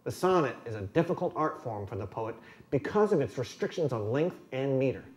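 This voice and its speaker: A man's voice: mid-range voice, very animated, brisk, a little mellow. A man presenting a scripted educational explanation, with a dry, tongue-in-cheek delivery. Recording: roomy echo with faint background noise.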